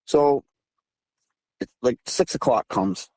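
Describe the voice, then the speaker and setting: A man's voice: mid-range voice, slow, dry recording. Man in his thirties telling a tense story. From southeastern Massachusetts. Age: 30s. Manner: animated, emphatic retelling, voice climbing when heated. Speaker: guest recounting encounters. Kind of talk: casual storytelling interview. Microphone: phone call.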